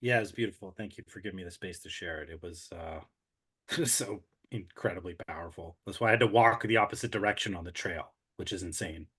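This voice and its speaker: A man's voice: deep voice, fairly quick, fairly bright tone, breathy edge. A man earnestly and emotionally recounting a breakthrough moment during an ultramarathon, in a reflective, conversational way. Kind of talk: casual conversational recap.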